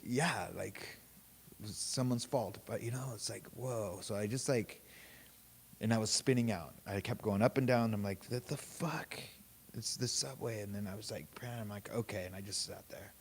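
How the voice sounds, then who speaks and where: A man leading a meditation group, telling a story in a relaxed, casual way, swearing freely and laughing often. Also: mid-range voice, moderate pace. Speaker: meditation teacher. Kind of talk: casual dharma talk.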